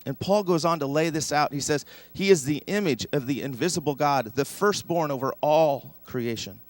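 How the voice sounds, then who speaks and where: A man's voice: fairly high pitch, moderate pace, no room sound. A man preaching a sermon as pastor, emphatic and leading the congregation in repeating a verse. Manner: emphatic, leads congregation in call-and-response. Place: church sanctuary.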